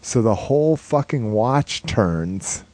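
A man co-hosting a casual podcast, talking in a relaxed, rambling way with lots of fillers and some swearing. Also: medium pitch, slow pace, dry recording. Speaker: podcast co-host.

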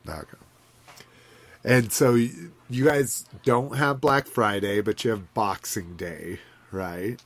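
Lower-voiced man teasing his podcast guest. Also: steady tone, slow pace. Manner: teasing, questioning. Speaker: podcast host, asks the guest questions. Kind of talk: casual chat.

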